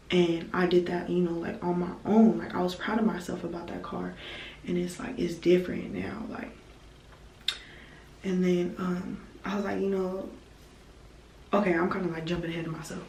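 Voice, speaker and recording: A young woman recounts a story in a casual vlog, full of "like" and restarts. Her voice sits low and stays fairly level. She sounds a bit far from the mic in an echoey room, with faint background noise. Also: a little mellow. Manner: rambling, heavy use of "like" fillers. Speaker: vlogger.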